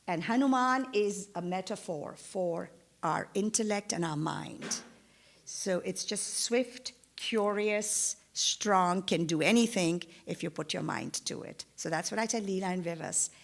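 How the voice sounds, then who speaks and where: A woman telling a religious story in a sermon, animated and conversational, with many asides. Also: lowish voice, vocal fry. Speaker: guest speaker. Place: church.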